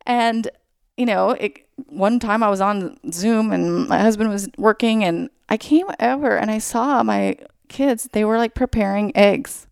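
Gravelly-voiced woman explaining with everyday examples. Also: medium pitch, a little slow, dry recording, studio quality. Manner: upbeat, explains with everyday examples, frequent "like" and "you know". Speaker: guest school psychologist. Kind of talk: casual interview talk.

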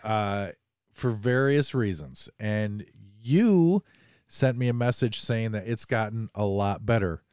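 A man's voice: on the low side, animated, takes it slowly, a little mellow, smooth, dry recording, studio quality. A man hosting a casual podcast, joking and rambling as he talks, a bit under the weather. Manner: joking, rambling, self-deprecating. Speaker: podcast host.

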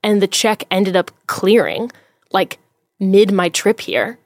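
A woman's voice: mid-range voice, slow, no echo. A woman who is a comedian, chatting as a podcast guest in a candid, rambling way with lots of fillers. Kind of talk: casual chat.

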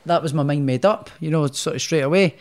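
Chatty young boxer, rambling. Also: male voice, fairly high pitch, a little fast. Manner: rambling, animated storyteller with many restarts. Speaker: professional boxer, guest. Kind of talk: casual storytelling interview.

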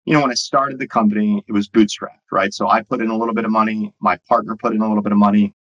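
A man's voice: on the low side, fairly even intonation, fast, a bit bright, lo-fi sound. A man who runs his own business, telling stories in a casual, rambling way full of fillers. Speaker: entrepreneur and business owner guest. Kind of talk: casual storytelling.

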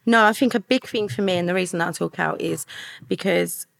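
Woman, low pitch, creaky fry, earnest, soft-spoken, podcast guest. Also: fairly quick. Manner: earnest, soft-spoken, trails off into quiet asides. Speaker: interview guest. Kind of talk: candid podcast interview.

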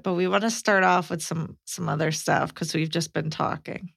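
A woman's voice: fairly low pitch, steady tone, normal speed, gravelly, fairly bright tone, no room sound, studio quality. A woman co-hosting a podcast in an easygoing way, often laughing and reading listener letters. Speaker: podcast co-host. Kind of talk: casual chat.

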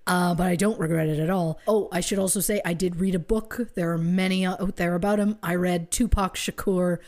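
A woman co-hosting a podcast, talking casually in a chatty, rambling way with quick bursts. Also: lowish voice, fairly even intonation, a little mellow. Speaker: podcast co-host. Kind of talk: casual chat.

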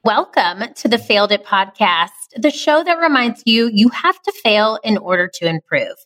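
A woman's voice: a little high, very animated, moderate pace, fairly bright tone. Upbeat woman with a nasal twang. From American South and Midwest. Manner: upbeat and playful. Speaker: podcast host. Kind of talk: podcast intro and host talk.

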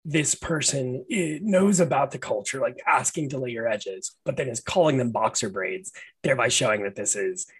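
A man in a casual panel discussion who reacts quickly and agrees with the others. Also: medium pitch, slightly rough. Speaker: podcast panelist.

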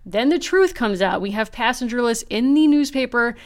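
A woman co-hosting a podcast in casual chat. She is animated and sarcastic, and she acts out the people she quotes. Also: a little high, moderate pace. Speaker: podcast co-host.

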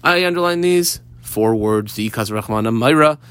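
A man teaches a Talmud lesson with a lively, rising and falling pitch. He walks through the text step by step and mixes Hebrew and Aramaic terms into plain English. The sound is dry and close. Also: moderate pace, clear, resonant tone, dry recording. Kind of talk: daily page Talmud class.

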